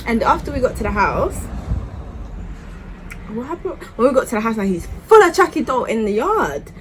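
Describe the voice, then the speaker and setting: Lively young woman telling a story. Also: a little high, moderate pace, slight background noise, poor audio. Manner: chatty, animated, keeps asking "yeah?". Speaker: vlogger. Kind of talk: storytime vlog.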